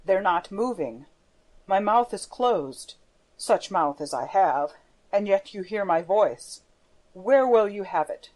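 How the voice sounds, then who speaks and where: A woman's voice: medium pitch, expressive, slow pace, darkish tone, rough recording. A woman reading the part of a menacing masked male phantom, with a theatrical, darkly playful manner. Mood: mocking.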